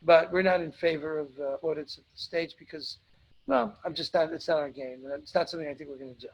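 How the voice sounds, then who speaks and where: A man's voice: on the high side, fairly even intonation, fast, slightly rough, rough recording. A man hosting a live webinar, answering audience questions in a blunt, emphatic way and repeating points for stress.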